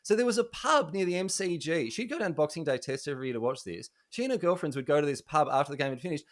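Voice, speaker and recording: A young Australian man, a journalist, telling jokey anecdotes in a casual, animated way. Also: fairly high pitch, fast. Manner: animated, jokey, laughs often. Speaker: journalist guest.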